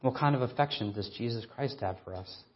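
Earnest male preacher, slightly muffled recording. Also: medium pitch. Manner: earnest, emphatic, with rhetorical questions and slow stressed readings. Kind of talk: sermon.

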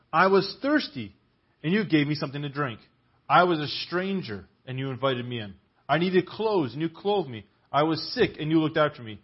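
A man's voice: a little high, breathy edge. A man preaching a sermon in a church, emphatic and full of rhetorical questions, on a dull lo-fi recording.

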